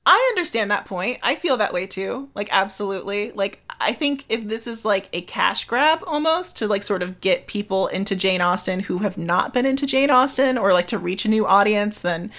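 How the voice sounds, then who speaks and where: A woman's voice: mid-range voice, lively intonation, normal speed, few pauses, a bit bright. A woman hosting a podcast in bubbly, casual chat full of fillers. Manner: bubbly, lots of "like" and "um". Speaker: podcast host.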